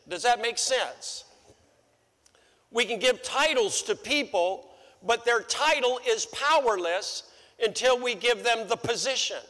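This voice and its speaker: High-voiced pastor preaching in a reverberant hall. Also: male voice, fairly bright tone. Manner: repeats phrases for emphasis, rises sharply when acting out quotes. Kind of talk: sermon. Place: church sanctuary. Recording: long church-hall reverb.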